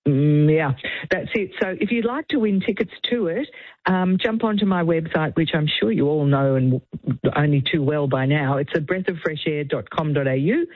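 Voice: mid-range voice, dry recording. Film reviewer on a phone line. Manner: chatty, with frequent ums and a light laugh. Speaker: radio film reviewer and show host. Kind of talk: casual radio chat and film review. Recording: dry, narrow phone-like sound.

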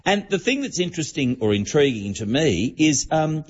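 A man with a husky, fairly high voice and big pitch swings dishes celebrity gossip at a moderate pace as an entertainment reporter on the radio. It's casual, chatty storytelling, captured in dull lo-fi broadcast sound.

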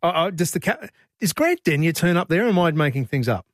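A man's voice: on the high side, sing-song, no room sound. Upbeat Australian male host, dry sound. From Brisbane, Australia. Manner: upbeat, quick to laugh. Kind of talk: casual interview.

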